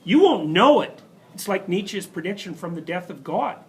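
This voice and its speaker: A man's voice: high-pitched, big pitch swings, moderate pace, low-quality recording. A man giving a university lecture, telling stories emphatically with rhetorical questions and asides. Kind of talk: classroom lecture.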